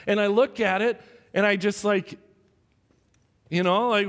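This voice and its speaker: A man preaching a sermon, telling a personal story with animated quoted voices. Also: high-pitched, unhurried. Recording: long hall reverb.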